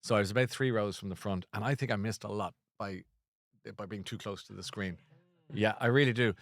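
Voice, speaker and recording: A man's voice: lowish voice, fairly quick, dry recording, studio quality. A man hosting a casual chat show, rambling and self-deprecating with lots of restarts. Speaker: host.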